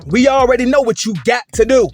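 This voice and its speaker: A man with a high voice tells a story from his own life and lectures in a conversational, emphatic way, repeating points and checking in with "right?" and "okay?". Faint music runs beneath his talking. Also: steady tone, fast talker. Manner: emphatic, repetitive, conversational with frequent "et cetera" and "okay?". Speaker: commentator. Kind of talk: casual storytelling rant.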